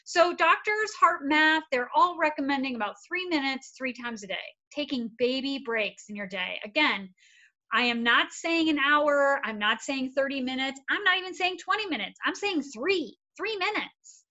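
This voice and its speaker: A woman's voice: high-pitched, animated, normal speed, sharp tone, muffled recording. A woman therapist giving a casual, upbeat wellness workshop, encouraging and repetitive. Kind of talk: casual instructional talk.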